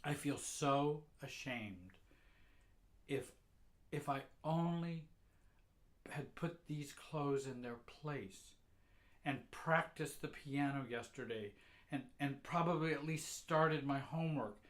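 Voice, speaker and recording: A man narrating a painful first-person memory quietly and reflectively, with halting repeats. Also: on the high side.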